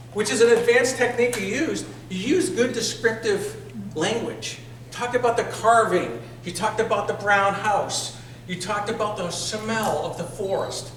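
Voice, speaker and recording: A man's voice: high voice, a bit bright, slight background noise. A man evaluating a speaker at a club meeting, giving encouraging, structured feedback with some restarts. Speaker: speech evaluator. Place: meeting room. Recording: echoey room audio from far off.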